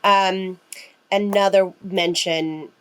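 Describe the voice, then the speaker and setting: A woman co-hosting a horror podcast in casual chat, excitable, swearing freely and using lots of fillers. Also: medium pitch, slow, clear, resonant tone, low-quality recording. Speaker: podcast co-host.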